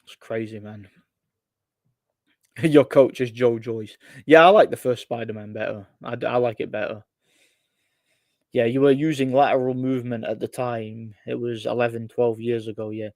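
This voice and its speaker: A man's voice: mid-range voice, moderate pace, darkish tone, dry recording. Guy doing a chatty live stream, mid voice, dry close sound, keeps repeating himself. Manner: rambling, frequent word repeats and fillers. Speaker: livestream host answering chat. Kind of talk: casual chat.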